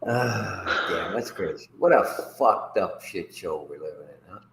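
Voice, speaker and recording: Man, deep voice, rambling profane livestream chat, echoey room, faint background hiss. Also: animated, measured pace, vocal fry, a bit bright. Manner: profane, rambling, laughs often. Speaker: host.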